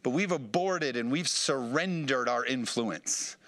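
A man's voice: medium pitch, unhurried, a bit bright. A man preaching a fired-up sermon as pastor, reading scripture and calling for amens from the congregation. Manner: fired-up preaching with call-and-response.

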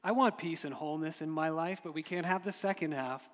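Male pastor, slightly high voice, sermon delivery, big hall reverb. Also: fairly quick. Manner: storytelling, rises and drops in loudness, occasional chuckles.

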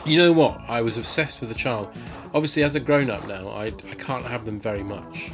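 A man's voice: medium pitch, a little fast, faint music behind. A man chatting as a podcast guest, enthusiastic and rambling, with lots of fillers and restarts. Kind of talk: casual chat.

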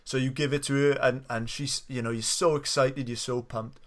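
A man's voice: medium pitch, fairly even intonation, normal speed. A male podcast host in an interview, friendly and curious. He retells his guest's story with small hesitations before he asks the next question.

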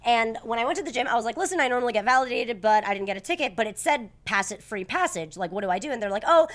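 A young woman co-hosting a casual chat, telling a story with lively acted-out quotes. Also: fairly high pitch, very fast. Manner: animated storytelling, acting out quoted voices. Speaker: podcast co-host.

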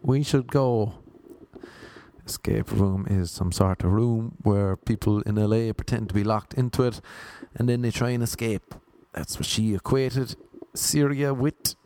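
A young Irish man telling funny anecdotes in a deadpan, sardonic way. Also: lowish voice, a little slow, vocal fry. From Ireland. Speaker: vlogger. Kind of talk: casual storytelling monologue.

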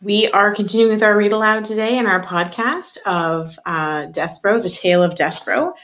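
A woman teacher reading a children's book aloud to her students in a clear, expressive, measured way. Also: mid-range voice, rough recording.

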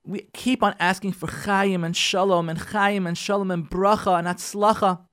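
A rabbi giving a Torah class, animated, acting out pleading prayers and mixing Hebrew terms into his English. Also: sits high, moderate pace, dry recording, studio quality.

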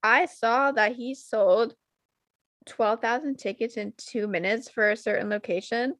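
Young woman, podcast co-host, somewhat high voice, dry close mic, loose and profane. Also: unhurried, fairly bright tone, no room sound. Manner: casual, swears freely, says like a lot. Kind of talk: casual podcast chat.

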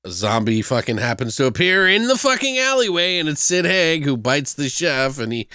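A man's voice: a little high, very animated, moderate pace, bright, forceful tone, smooth, no room sound, clean studio sound. A man in casual conversation, rambling and swearing freely as he retells film scenes, laughing often. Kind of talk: casual chat.

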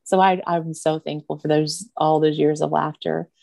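A woman's voice: low-pitched, flat delivery, normal speed, gravelly, mellow, no room sound, studio quality. A middle-aged woman telling fond family stories in an interview, often laughing as she talks. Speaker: interview guest. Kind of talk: conversational storytelling.

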